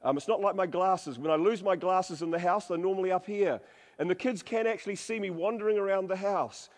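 In a high, brisk voice, a preacher delivers a sermon, dramatizing scripture and trading jokes with the congregation. He alters his voice for quoted lines, and the sound echoes with long hall reverb.

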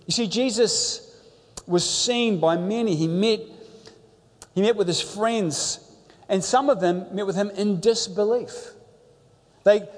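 A high-pitched man delivers an emphatic sermon, leaning on repetition and storytelling. His voice rings out through a church with a long, lingering reverb. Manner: emphatic, repeats phrases, storytelling. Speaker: pastor.

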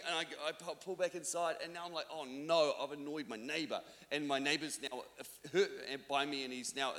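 A male pastor from New Zealand preaches a sermon, telling stories conversationally and self-deprecatingly with many restarts. His voice is on the high side, bright and forceful, set in the long reverb of a church hall.

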